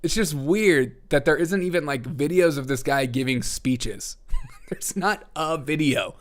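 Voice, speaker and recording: A man's voice: a little high, unhurried. A man hosting a comedy news live stream, talking sarcastically and laughing often. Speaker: host.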